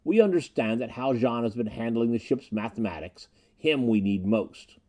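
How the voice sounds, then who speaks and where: Man reading as a sardonic space pirate leader, mocking, persuasive, mellow voice, storybook reading. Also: mid-range voice, animated, normal speed, lightly acted.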